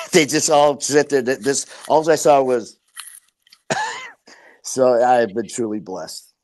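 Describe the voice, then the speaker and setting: A man's voice: medium pitch, slow pace, a little mellow. A man as a podcast guest, telling his story casually and bluntly, swearing and acting out what people said. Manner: blunt, profane, acts out quoted dialogue.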